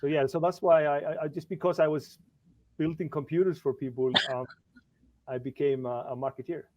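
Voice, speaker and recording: A man's voice: a little high, steady tone, brisk, darkish tone, slight background noise, low-quality recording. A middle-aged man from Iceland, a podcast guest chatting casually, often restarting and repeating words as he goes.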